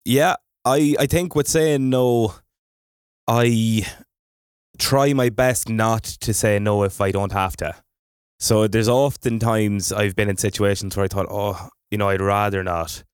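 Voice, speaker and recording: Man on a podcast, low smooth voice, dry close mic, earnest and chatty. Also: no echo. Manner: earnest and reflective, with fillers and restarts. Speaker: podcast co-host. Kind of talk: casual podcast chat.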